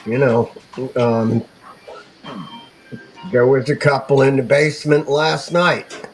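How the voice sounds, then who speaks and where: Guy on a stream, drawls slow, keeps saying uh, music playing loud behind. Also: medium pitch, rough recording. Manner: hesitant, many fillers. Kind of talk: casual live-stream chat.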